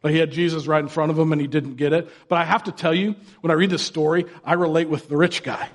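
A man's voice: a little high, fairly even intonation, fast talker. A man, a pastor, giving a casual, joking sermon and acting out people's reactions. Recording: long hall reverb.

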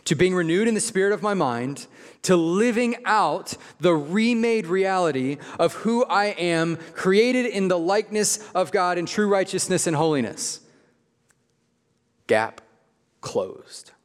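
A man preaching a sermon in a conversational, emphatic way, slowing down on key phrases. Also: sits high, lively intonation, clean tone. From Midwest. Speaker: pastor. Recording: long hall reverb.

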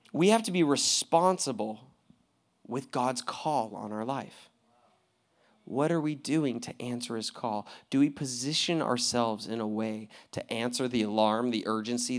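A young man with a high voice preaches in a loose, conversational way, peppering his talk with slang and laughter. He drops to quiet asides and then bursts back up loud and animated. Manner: casual, laughing, slangy preaching with big swings in volume. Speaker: pastor. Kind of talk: sermon.

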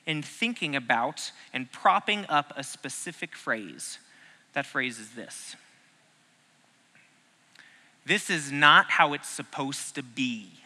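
A man's voice: a little high, pushed and bright. A man preaching a casual sermon, joking and asking the audience questions as he teaches. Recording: long hall reverb.

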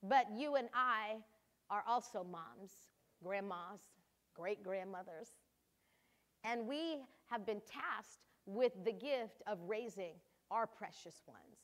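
A woman's voice: mid-range voice, expressive, slow. An older woman, a grandmother, giving a reflective devotional talk to mothers and laughing easily as she speaks.

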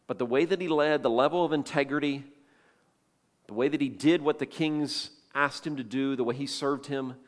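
A man's voice: mid-range voice, big-room sound. A male pastor preaching a sermon, telling the story with feeling and acting out the voices of the people in it.

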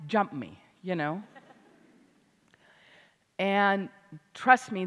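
An older woman, a grandmother and author, preaching a sermon with animated, emphatic delivery. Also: fairly low pitch, measured pace, pauses often. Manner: animated, rising to loud emphatic exclamations. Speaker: Christian speaker and author. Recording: hall reverb.

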